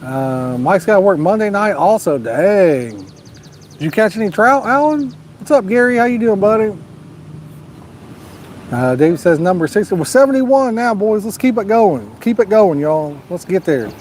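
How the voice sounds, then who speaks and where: Man on a fishing stream, slightly high-pitched, easygoing and chatty, faint background noise. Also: very animated, normal speed, a little mellow. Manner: laid-back, drawling, urges viewers to like and subscribe. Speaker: fishing livestream host. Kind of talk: casual live-stream chat, reading viewer comments. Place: outdoors at a lake at night, storm nearby.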